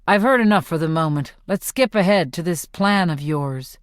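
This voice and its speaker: A woman reading the part of a devoted young man in an audiobook, her voice dropped a little lower and kept calm and plain-spoken. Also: normal speed, no echo, studio quality, lightly acted. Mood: steady.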